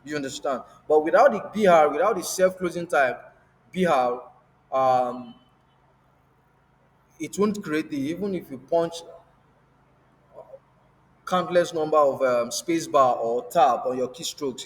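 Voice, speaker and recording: A man's voice: fairly high pitch, a little slow, long pauses, big-room sound, rough recording. A man teaching a coding lesson, stopping often to quiz his class with rhetorical questions and repeating key words. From Africa. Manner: repetitive, asks rhetorical "what?" prompts. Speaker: coding instructor. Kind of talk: screen-share coding lesson.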